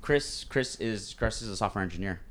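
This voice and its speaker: A man's voice: lowish voice, expressive, normal speed, crowd noise. A man co-hosting a podcast in casual chat, rambling with lots of fillers. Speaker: podcast co-host. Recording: noisy recording.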